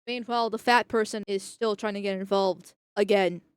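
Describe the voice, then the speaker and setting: A woman's voice: medium pitch, steady tone, normal speed, smooth, dry recording. A woman streamer giving casual reaction commentary, blunt, profane and sarcastic.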